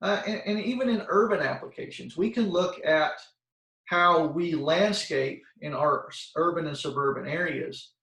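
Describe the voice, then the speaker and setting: A man's voice: a little high, normal speed, vocal fry, a bit bright. A man giving an informal, plain-spoken educational talk to schoolchildren, full of fillers and restarts, over a video call. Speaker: soil health expert presenting to schoolchildren. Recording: roomy sound, voice far from the mic.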